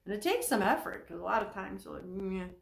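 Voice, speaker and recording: A woman counselor gives a faith-based teaching talk, voice carrying a gravelly edge. She is animated and slips into little acted-out quotes. The sound rings a bit in a roomy space. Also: quick pace. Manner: animated, acts out quoted speakers with pitch jumps.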